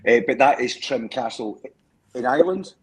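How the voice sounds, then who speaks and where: A Scottish man with a husky, slightly breathy voice sits in on a live chat over a video call. He is a rambling storyteller who repeats his words and keeps checking in with his listeners. His pitch sits in the ordinary middle range for a man. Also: animated, normal speed, rough recording. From Scotland. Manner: rambling storyteller, repeats words and asks "do you know what I mean".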